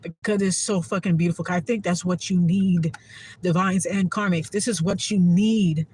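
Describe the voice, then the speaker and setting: A woman's voice: on the low side, steady tone, normal speed, darkish tone, slight background noise. A woman giving a heartfelt, profane casual monologue to her viewers as a spiritual content creator.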